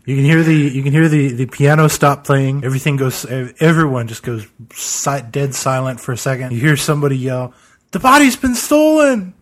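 A man narrating a tabletop game as game master, halting and full of "you know" fillers. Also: mid-range voice.

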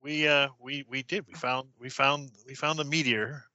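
A man's voice: mid-range voice, steady tone, moderate pace, pushed and bright, no echo, lo-fi sound. A man playing a character in a tabletop role-playing game, giggling and fumbling his words. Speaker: player. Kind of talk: casual tabletop play.

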